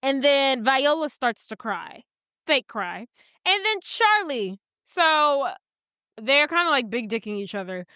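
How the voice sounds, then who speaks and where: A woman's voice: high voice, sing-song, takes it slowly, bright, forceful tone, dry recording, clean studio sound. A woman co-hosting a podcast, joking crudely through a casual movie recap. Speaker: podcast co-host.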